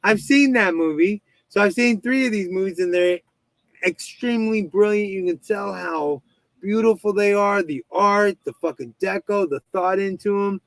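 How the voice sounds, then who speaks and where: Podcast host, male, thirties: loose, profane storyteller, slightly high voice, dry close mic. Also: normal speed, no echo, rough recording. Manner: rambling, swearing storyteller with many restarts. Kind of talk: casual chat.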